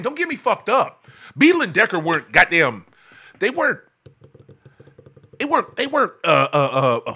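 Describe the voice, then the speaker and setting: A fired-up man rants on his own show, cursing freely and tripping over restarts before he breaks into yells. His voice is bright and forceful, sitting at an ordinary middle pitch. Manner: angry, profane, stammering restarts, bursts into shouting. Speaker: podcast host. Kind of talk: heated ranting monologue.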